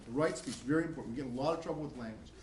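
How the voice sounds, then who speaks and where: A middle-aged man lecturing a college class in a conversational way, repeating himself and acting out quick voices. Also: mid-range voice. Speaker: professor. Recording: echoey classroom with faint noise.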